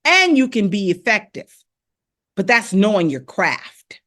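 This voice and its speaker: A woman's voice: medium pitch, sing-song, measured pace, a bit bright. A woman vocal coach giving a casual live lesson, encouraging viewers, repeating herself, and breaking into rap and tongue-twister drills. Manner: encouraging, repetitive, rapping drills aloud.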